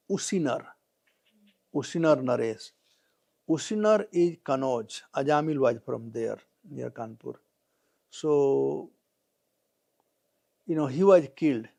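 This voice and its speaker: A man's voice: medium pitch, gravelly, dark tone. Man telling scripture stories. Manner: halting, frequent fillers and restarts. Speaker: scripture storyteller. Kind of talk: devotional story sermon.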